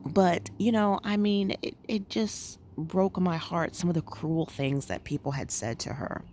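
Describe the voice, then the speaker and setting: A woman's voice: on the low side, unhurried, darkish tone, slight background noise. A woman vlogger sitting outdoors at home, chatting casually and musing with lots of fillers. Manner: rambling, musing, frequent fillers. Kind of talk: casual chat.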